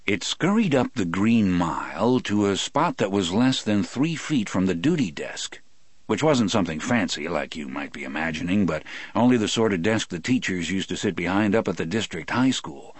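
A man narrating an audiobook in a measured, reflective storytelling manner. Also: sits low, lively intonation, breathy edge, dry recording.

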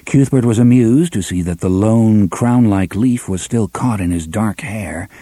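A man narrating an audiobook in a measured, expressive storytelling manner. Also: fairly low pitch, dry recording. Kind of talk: scripted narration.

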